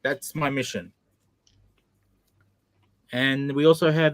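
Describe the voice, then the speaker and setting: A man's voice: medium pitch, lively intonation, normal speed, no room sound. A man hosting a casual live-stream chat, chatty and self-mocking. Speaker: host.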